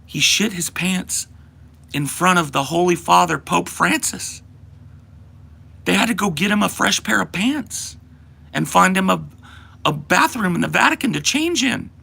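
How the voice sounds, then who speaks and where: A man's voice: sits high, animated, measured pace, creaky, sharp tone, husky. A man and podcast host in a profane, exaggerated comedic rant that swings into mock panic.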